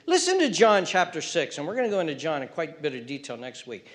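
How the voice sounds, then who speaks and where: A male pastor preaching a sermon, alternating emphatic raised calls with hushed, whispered passages. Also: fairly high pitch, wildly swooping pitch, quick pace.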